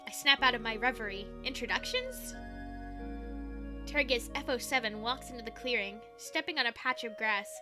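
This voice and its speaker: A woman's voice: on the high side, lively intonation, moderate pace, music in the background. A woman streaming a game, reading it aloud and chatting in a playful manner. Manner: playful, laughs easily. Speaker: streamer reading a visual novel.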